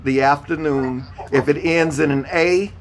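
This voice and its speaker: A male teacher leads a beginner language class over a video call, speaking in a slightly high voice at a slow, deliberate pace. He patiently repeats each question and spells words out letter by letter for his students. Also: steady tone, crowd noise. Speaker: Spanish teacher. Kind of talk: online beginner language lesson.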